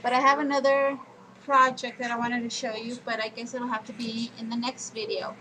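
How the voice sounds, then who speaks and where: A woman's voice: on the high side, level tone, sharp tone, slight background noise, rough recording. A woman walking viewers through her scrapbook pages in a homely show-and-tell video. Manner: slow, homely walkthrough of pages. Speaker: crafting vlogger.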